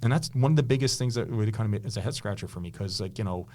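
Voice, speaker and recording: A man's voice: lowish voice, very fast, a little mellow. A man, a history teacher and author, telling stories with eager enthusiasm and many restarts in a casual interview. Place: indoors with a podcast host.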